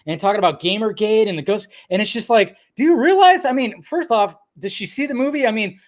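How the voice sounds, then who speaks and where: Excitable, swearing man ranting on a live stream. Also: high voice, a little fast. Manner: excitable, swears often, laughs at himself.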